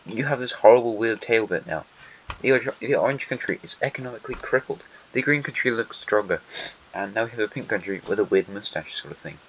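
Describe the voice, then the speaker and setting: Fairly quick and animated, a lowish-voiced man comments casually on an alternate history map, addressing dry jokes to the countries themselves. Faint hiss and soft typing sit behind the slightly dull, lo-fi sound.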